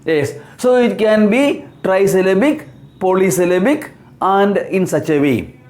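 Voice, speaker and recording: A man teaching English, explaining words slowly, spelling them out letter by letter and repeating key terms. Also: sits high, a little mellow. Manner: asks and answers his own questions. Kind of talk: slow explanatory lesson.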